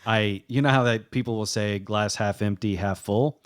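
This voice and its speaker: A man's voice: fairly low pitch, fairly even intonation, moderate pace, clear, resonant tone, no echo. A man hosting a podcast, teasing his co-host with dry jokes in casual banter over a video call.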